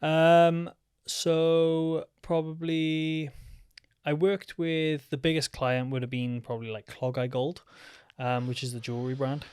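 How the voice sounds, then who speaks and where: A young man talking casually on a podcast, rambling and filling gaps with "um" and "like." His voice is smooth and clear, recorded close and dry with no room sound. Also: on the high side, flat delivery, measured pace, darkish tone, no echo. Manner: chatty, rambling with fillers. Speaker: podcast guest, freelance photographer. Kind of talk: casual chat.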